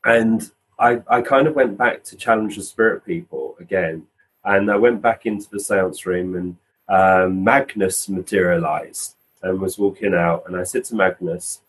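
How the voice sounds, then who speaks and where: A man recounts a personal experience as a podcast guest. His voice sits a little low and has a husky edge. He tells it casually and animatedly. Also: moderate pace, poor audio. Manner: animated storyteller acting out quoted voices. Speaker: physical medium, guest. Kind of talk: casual conversational storytelling.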